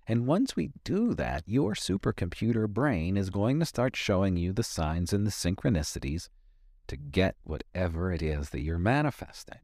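A man's voice: deep voice, sing-song, moderate pace, a little mellow, dry recording, studio quality. A man hosting a motivational podcast, talking emphatically, repeating key lines for weight. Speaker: podcast host and life coach.

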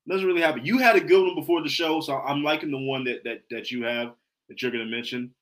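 A man's voice: on the high side, fast, fairly bright tone. A man co-hosting a casual sports podcast, talking with enthusiasm and often repeating and restarting his words. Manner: enthusiastic, repeats himself, stumbles over words. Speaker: podcast co-host.

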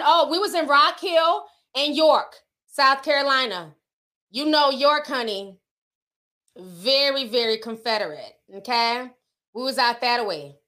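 A middle-aged woman from the northern US hosting a livestream, telling stories in casual chat and reading out viewer comments. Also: high voice. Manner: chatty storytelling, animated quoted voices. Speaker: livestream host.

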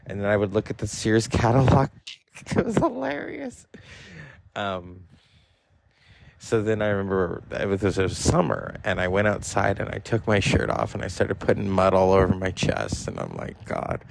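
Podcast host, man, forties: deep fried-edged voice, loose and profane, chatty storyteller. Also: fairly quick, gravelly, hardly any pauses, rough recording. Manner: rambling, profane, with frequent fillers. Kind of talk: casual personal storytelling.

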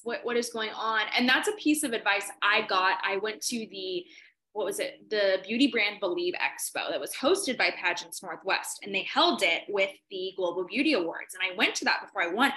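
A young woman chatting as a podcast guest, telling pageant coaching stories with enthusiastic, animated energy. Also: medium pitch, normal speed. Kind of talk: casual podcast chat.

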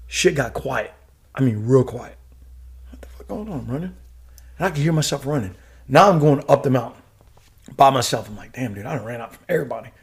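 A middle-aged man from the United States telling a story as a podcast guest, casual and profane, full of animated asides. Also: medium pitch, husky. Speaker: guest, retired Army warrant officer.

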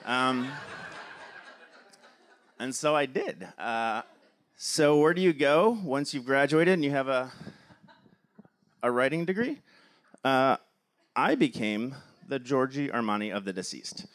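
Speaking slowly with long pauses, this Cleveland-born film producer delivers an expressive, enthusiastic motivational talk full of the filler word "like". His voice sits at medium pitch and sounds a bit bright.

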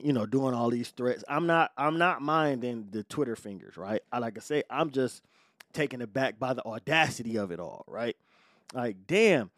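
A man hosts his own podcast and tells a story heavy with swearing. His mid-range voice swings from calm talk to heated shouting. He is close on a dry mic in a small room. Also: medium pitch, no room sound. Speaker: podcast host. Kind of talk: solo podcast monologue.

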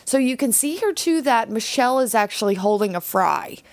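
A woman's voice: fairly high pitch, lively intonation, moderate pace, no echo. A young woman hosting a podcast, recapping a TV episode in a chatty, casual way full of fillers. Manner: chatty, lots of "like" and "um". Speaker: podcast host.

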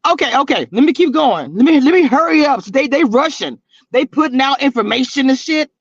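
A woman with a high, bright-pitched voice runs her live stream like a gossip session, teasing and cracking herself up. The sound is dull and lo-fi, with no room echo at all. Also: lively intonation, fairly quick. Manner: sassy, teasing, laughs often, slangy. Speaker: reality TV blogger hosting a live stream. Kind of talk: casual live-stream chat reading comments. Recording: dull, lo-fi and dry.

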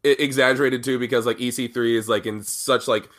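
Man, casual podcast co-host, bright tense tone, halting, frequent restarts. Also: mid-range voice, fairly even intonation. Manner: halting, many restarts and repeated words. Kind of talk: casual wrestling chat.

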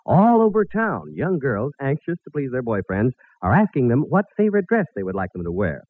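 Male radio announcer, husky, lively 1940s delivery. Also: medium pitch, fairly quick. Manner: smooth, showy announcer delivery. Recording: tinny hissy old radio broadcast.

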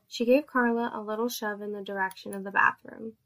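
A woman narrating an erotic story in a steady, measured reading voice. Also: mid-range voice.

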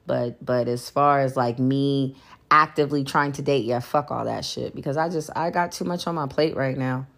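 A woman's voice: very deep voice, fairly even intonation, moderate pace, creaky, fairly bright tone. A woman talks straight into her podcast mic. She vents in a blunt, profane, emphatic way, telling her stories with no filter. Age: adult. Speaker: podcast host. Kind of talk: candid solo podcast venting.

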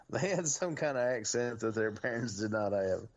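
A man's voice: medium pitch, animated, moderate pace. A man co-hosting a podcast, chatting about a horror film in a laid-back, joking way with slangy speech. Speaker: podcast co-host. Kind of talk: casual movie chat. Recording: dull lo-fi mic.

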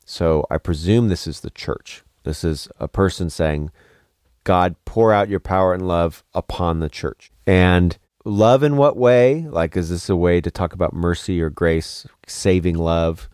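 Low-voiced man asking probing questions. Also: a little slow, a little mellow, smooth, no echo, studio quality. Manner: questioning, probing, thinks aloud. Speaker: podcast co-host. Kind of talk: conversational theological discussion.

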